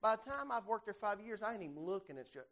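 High-voiced man teaching a Bible class. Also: fast talker. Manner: animated, questions the class directly.

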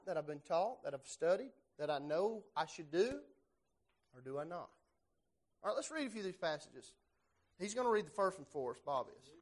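High-voiced man teaching a Bible class. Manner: animated, questions the class directly.

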